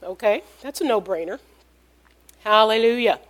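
A woman's voice: a little high, expressive, normal speed. A woman preaching a sermon, emphatic, repeating key phrases and calling out amen.

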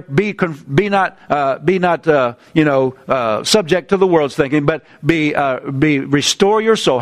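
Male preacher, light high-ish voice, animated sermon delivery with casual asides and restarts.

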